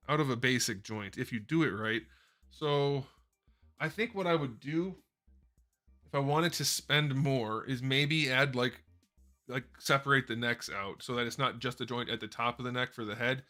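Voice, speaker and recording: A man reads out viewer questions and answers them off the cuff on a live stream, often stopping mid-word to rephrase. His voice is bright and forward. Quiet music plays faintly behind him as he talks into a desk mic. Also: mid-range voice, normal speed. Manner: chatty, rambling, self-correcting. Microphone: desk microphone. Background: faint background music.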